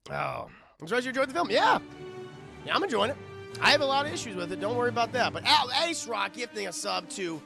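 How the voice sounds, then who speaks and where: A man live-streaming a film review, excitable and profane, laughing often and chatting with his viewers. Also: very high-pitched, fast talker, gravelly, music in the background. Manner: acts out scenes in exaggerated voices.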